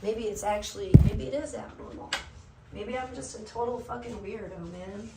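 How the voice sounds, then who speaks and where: A woman's voice: on the high side, steady tone, normal speed, very noisy. A middle-aged woman live streamer in casual chat, talking candidly and emotionally to her viewers and swearing freely.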